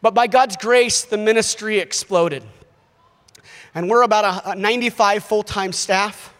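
Brief: male preacher in his thirties, high voice, lively delivery, reverberant church hall. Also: unhurried. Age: 30s. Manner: animated, acts out quoted voices. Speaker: visiting missionary preacher. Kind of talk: sermon.

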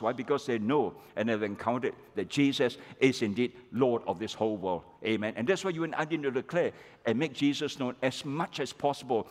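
A middle-aged man preaching a sermon, animated and chatty, peppering his telling with "okay" and "all right" to the congregation. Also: medium pitch, normal speed. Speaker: pastor. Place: large church hall. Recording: long reverb of a church hall.

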